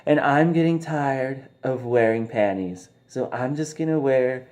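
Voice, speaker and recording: A man doing a teasing young wife in falsetto. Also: a little mellow, natural voice. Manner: slow, drawn-out, teasing falsetto.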